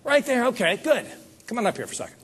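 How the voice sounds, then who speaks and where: A man giving a motivational sales seminar on stage, talking straight to the audience in an animated way. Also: very high voice, rapid-fire. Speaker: seminar speaker.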